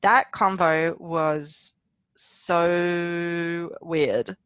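A woman's voice: lowish voice, steady tone, extremely slow, fairly bright tone, smooth, dry recording. A woman co-hosting a podcast, giving blunt, wry opinions on a reality show in casual chat. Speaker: podcast co-host.

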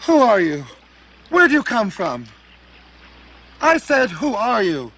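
Brief: a campy, brassy desert diva played by a man, high, bright, slow, swooning delivery. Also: huge pitch swings, heavily acted. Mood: melodramatic. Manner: melodramatic, drawn-out swooning delivery.

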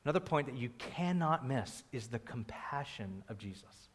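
A young man preaching a sermon in an animated way, acting out the crowd's voices and raising his voice for emphasis. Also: mid-range voice, normal speed, slightly rough. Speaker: pastor.

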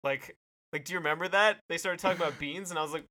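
A man's voice: on the high side, very fast, pushed and bright. A man co-hosting a casual podcast, chatting and telling stories with friends. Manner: chatty, rambling with fillers. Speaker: podcast co-host. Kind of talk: casual chat.

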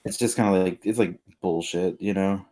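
A young man with a notably low voice, talking casually among friends. He comes across as blunt and sardonic. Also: steady tone, normal speed, dark tone. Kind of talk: casual chat.

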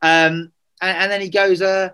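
Chatty Englishman telling a story, slightly high. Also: flat delivery, unhurried, sharp tone, clean tone. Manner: chatty, self-deprecating, many fillers and restarts. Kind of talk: casual storytelling.

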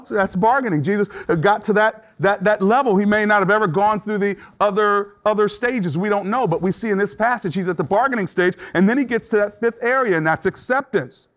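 Earnest preaching man, slightly high voice. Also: fairly quick, hardly any pauses. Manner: earnest, conversational preaching with acted-out quotes. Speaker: pastor. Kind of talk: sermon.

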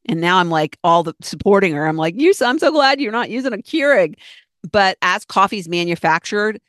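A woman's voice: on the low side, dry recording, studio quality. A middle-aged woman hosting her own podcast, talking in a chatty, rambling, earnest way and acting out her own thoughts. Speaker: podcast host. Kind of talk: casual solo podcast talk.

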